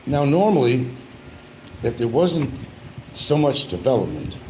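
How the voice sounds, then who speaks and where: A man's voice: mid-range voice, big pitch swings, unhurried, a little mellow, slight background noise, rough recording. A man talking casually and rambling at home while he eats, grumbling about the news between bites. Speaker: vlogger. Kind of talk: casual eating vlog chat.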